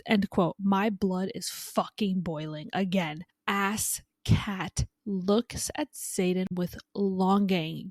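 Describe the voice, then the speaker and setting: A woman's voice: medium pitch, slow pace, hardly any pauses, darkish tone, no echo. Woman podcast host, casual recap, cusses a lot, reads quotes aloud, dry close sound. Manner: chatty, swears freely, reads out quotes.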